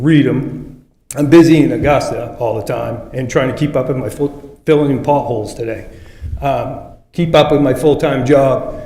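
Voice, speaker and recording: A man's voice: mid-range voice, a little mellow. A man giving offhand, rambling public comment at a city council meeting, correcting himself as he goes. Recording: echoey council chamber.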